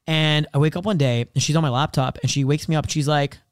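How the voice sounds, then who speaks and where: A man's voice: fairly high pitch, fairly even intonation, fast talker, clean tone, no room sound, clean studio sound. A young man chatting as a podcast co-host, telling crude stories bluntly and acting out quotes. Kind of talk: casual chat.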